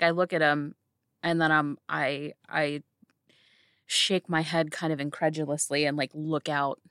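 A woman player describing her character's actions in a hesitant, halting way. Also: deep voice, a bit bright, no echo, clean studio sound.

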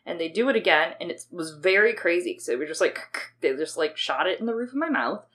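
A woman's voice: on the low side, lively intonation, brisk, a bit bright. A young adult woman co-hosting a podcast, talking in a chatty, rambling way with frequent swearing. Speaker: podcast co-host. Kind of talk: casual chat.

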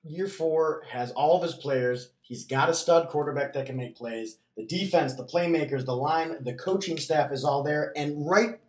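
A man hosting a casual sports podcast, telling stories in an animated, loose way. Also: on the high side, moderate pace, few pauses, reverberant, poor audio. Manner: animated storytelling, swears freely. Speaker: podcast host.

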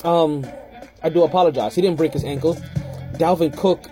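A man's voice: on the high side, normal speed, warm tone, soft background music. A man hosting a fantasy football podcast in a casual, rambling way, often repeating and correcting himself. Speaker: podcast host.

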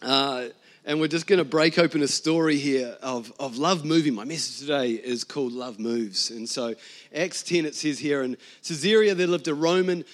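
A New Zealand man preaching a lively, joking sermon as pastor in a conversational way. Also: medium pitch, normal speed.

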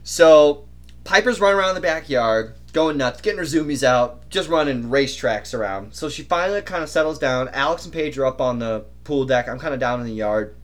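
A young adult man telling stories in casual podcast chat, animated and imitating other people's voices. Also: medium pitch, brisk. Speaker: podcast co-host.

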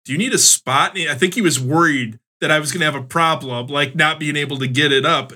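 A man's voice: a little high, fast talker, sharp tone. A man co-hosting a podcast, teasing the host and steering the casual banter. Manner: teasing, pushes the host along. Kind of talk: casual comedic chat.

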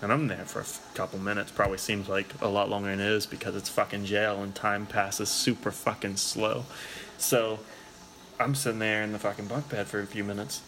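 A man tells a rambling, casual story in a lowish voice, peppering nearly every sentence with swearing and "like". His delivery is loose and conversational, as on a chat podcast. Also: little pitch movement, a little fast, a bit bright, slight background noise. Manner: rambling, profane, heavy use of filler "like".

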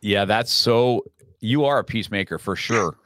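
A middle-aged man hosting an interview in a brash, animated, direct way. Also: on the low side, normal speed, dry recording. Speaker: podcast host. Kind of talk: conversational interview.

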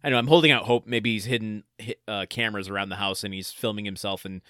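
A man's voice: lowish voice, steady tone, fast, a bit bright, no room sound. A man co-hosting a podcast, chatting casually with hesitant restarts and dry humor. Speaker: podcast co-host. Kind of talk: casual chat reviewing a sitcom episode.

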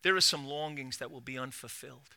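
A middle-aged man preaching a sermon as pastor, dropping to a hush and then rising to loud cries, with quick repeated restarts. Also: medium pitch, gravelly, smooth. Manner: swings from hushed to loud preaching.

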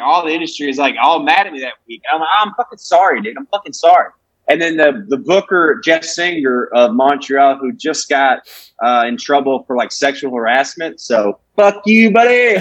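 A comedian, telling rambling, profane stories in a casual podcast chat. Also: male voice, mid-range voice, a bit bright, no echo, rough recording. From Alabama. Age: 20s. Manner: profane, brash, rambling with restarts. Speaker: comedian guest.

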